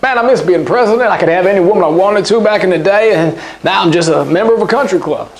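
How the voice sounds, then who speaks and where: A woman's voice: mid-range voice, fast, faint music behind, voice pushed down, lightly acted. A woman doing a comic impression of a boastful, flirtatious aging male ex-president who rambles and brags. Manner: lecherous bragging, rambling asides.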